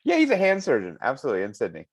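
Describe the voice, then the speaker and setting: A man's voice: medium pitch, huge pitch swings, very fast. A man hosting a medical podcast, chatting casually and reading a listener's email aloud with frequent laughs. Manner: chatty and amused, laughs often. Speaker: hand surgeon podcast host.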